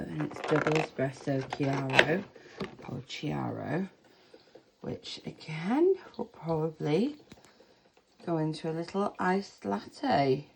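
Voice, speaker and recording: A woman talks casually to camera as a vlogger, chatty and given to long 'ooh' exclamations. Her voice sits a little low and carries a gravelly edge. She takes her time over each sentence, over a faint hiss of background noise. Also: animated, takes it slowly. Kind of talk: casual vlog narration.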